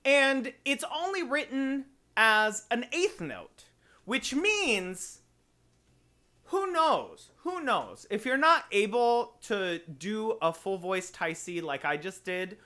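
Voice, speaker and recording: A man teaching voice, slowly explaining notes and phrasing in a lesson. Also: high voice, animated, sharp tone. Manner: explains slowly, sings short examples.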